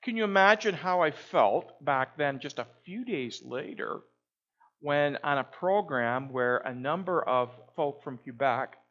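A man speaks at an ordinary, middle pitch, telling a story in a calm, reflective way. He pauses often with small fillers as he thinks. The recording sounds a bit muffled and dull. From Canada. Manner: unhurried, with frequent "uh" pauses.

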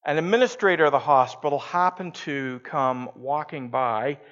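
Pastor guy, high voice, slow easy storytelling, bit muffled recording. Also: a bit bright. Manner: storytelling, conversational preaching. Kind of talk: sermon.

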